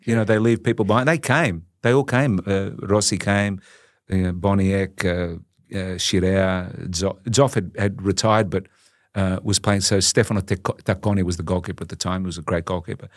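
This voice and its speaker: An Australian man in his sixties, a podcast guest telling stories in a lively, animated way. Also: low-pitched, normal speed, no room sound, clean studio sound. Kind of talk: casual storytelling.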